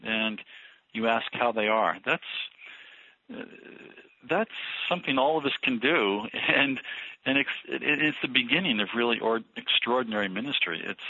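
A man talking through ministry ideas in an interview, thoughtful and halting with many restarts. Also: on the low side, sharp tone, no room sound. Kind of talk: conversational interview about ministry. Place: Philadelphia. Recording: dull lo-fi radio audio.

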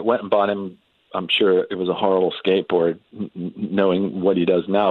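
A man telling a long family story as a guest in a conversation, talking haltingly with many restarts and fillers. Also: low voice, dry recording. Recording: tinny phone-like sound.

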